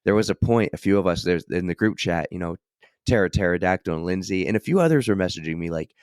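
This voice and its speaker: A man hosting a casual podcast intro, hoarse and losing his voice, chatty and jokey. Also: low-pitched, expressive, fast talker, darkish tone, dry recording, studio quality. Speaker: podcast host.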